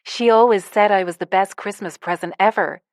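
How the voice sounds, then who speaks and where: A woman narrator voicing a calm young American woman who teaches yoga, with an American accent. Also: medium pitch, moderate pace, no room sound, studio quality, close to an everyday voice.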